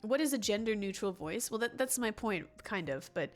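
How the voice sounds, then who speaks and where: A woman hosting a relaxed gaming livestream, chatting loosely with her viewers at an ordinary middle pitch. She rambles, restarts her sentences and breaks into laughs as she answers the chat. Faint music plays softly behind her. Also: moderate pace.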